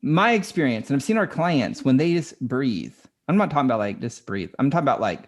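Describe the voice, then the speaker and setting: A man's voice: medium pitch, sing-song, fast talker. A man who works as a coach, talking casually and earnestly as a podcast guest. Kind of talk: conversational podcast interview.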